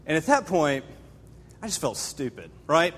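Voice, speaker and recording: A man's voice: fairly high pitch, big pitch swings, measured pace, fairly bright tone, slight background noise. A man preaching a conversational sermon, telling a personal story with casual asides to the congregation. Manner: casual, storytelling, speaks straight to the audience with asides. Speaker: pastor. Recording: long hall reverb.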